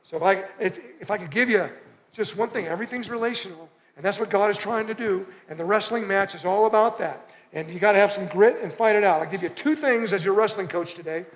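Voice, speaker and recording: A man's voice: sits high, quick pace. A man preaching a sermon as pastor, conversational and driving points home by repeating short phrases. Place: church auditorium. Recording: long reverb of a church hall.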